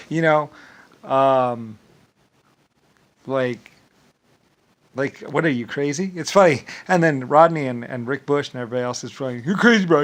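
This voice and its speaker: A man vlogging in a rambling casual monologue, full of filler words and repeated words, with dismissive shrugging asides. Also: mid-range voice.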